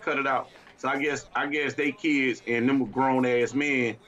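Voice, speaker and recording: Male sports talk co-host, exasperated rant, mid-low voice, dull lo-fi sound. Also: steady tone, a little slow, fairly bright tone. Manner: fiery, exasperated ranting with laughter. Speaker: podcast co-host.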